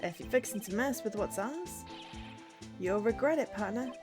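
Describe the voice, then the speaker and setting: A woman voicing a swaggering male cowboy detective in a put-on American accent, with a slow drawl. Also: fairly high pitch, lively intonation, music in the background, natural voice.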